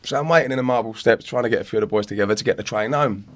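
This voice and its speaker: A man, a podcast guest telling lively, sweary stories and acting out the other people in them. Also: medium pitch, racing. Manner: animated anecdote-telling, sweary, acts out other voices. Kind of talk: casual chat, storytelling.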